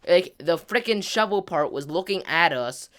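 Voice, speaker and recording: A man hosting a gaming channel who tells a casual story over gameplay. He rambles, packs his talk with filler words and mild slang, and gets louder as the story builds. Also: high-pitched, moderate pace. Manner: grows louder and more excited as the story climaxes.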